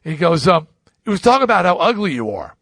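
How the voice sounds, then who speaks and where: A man's voice: big pitch swings, fast, no room sound, studio quality. A man from Long Island, hosting a podcast, tells a rambling anecdote and acts out the people in it with big swings in voice. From Long Island, New York. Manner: acts out quoted voices with swings in pitch and loudness; rambling, with many restarts and asides. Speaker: podcast host. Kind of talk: animated anecdote storytelling.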